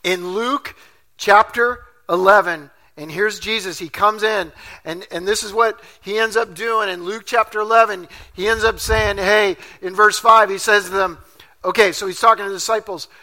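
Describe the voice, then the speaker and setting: A pastor preaching a storytelling sermon at a church service, animated and self-deprecating, laughing often as he talks. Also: high-pitched, moderate pace. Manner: laughs often while talking.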